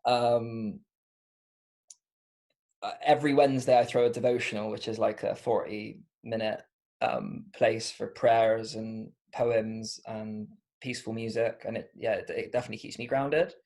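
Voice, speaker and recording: A man's voice: lowish voice, fairly even intonation, a little slow, a little mellow. A man with a Bristolian accent, a podcast guest talking through ideas casually, thoughtful and rambling, with many fillers and restarts. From Bristol, England. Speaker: podcast guest, comedian and author. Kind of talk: casual interview chat.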